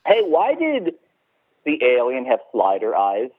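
Man on a tinny line, animated movie chat. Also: medium pitch, measured pace, husky, no room sound. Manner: animated, swearing, acts out scenes in silly voices. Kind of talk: casual podcast chat about a movie. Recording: tinny phone-like sound.

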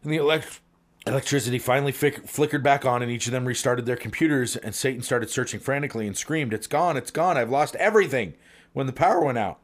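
A man casually telling long jokes as a podcast co-host, playful, jumping up in pitch for the characters in them. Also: fast talker.

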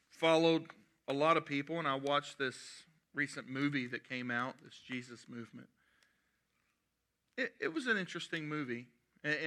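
A man preaching with lively energy and playful asides. His voice sits a little high and rings bright and forceful. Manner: animated preaching with humorous asides. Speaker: pastor. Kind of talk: sermon.

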